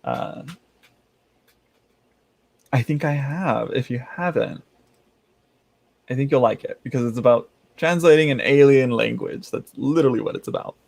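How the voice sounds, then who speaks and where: A man chats casually on a livestream, rambling between thoughts and laughing often. His voice is mid-pitched with a gravelly, fry-laden edge. The sound is dry and close to the mic. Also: moderate pace, pauses often, darkish tone, no echo. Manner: rambling, laughs often, many restarts and fillers. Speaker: tarot channel host reading live chat.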